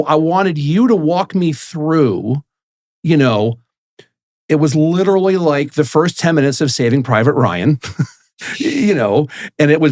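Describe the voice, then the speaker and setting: A man hosting a podcast, asking his guest long, rambling questions that restart often. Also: a little high. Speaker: podcast host.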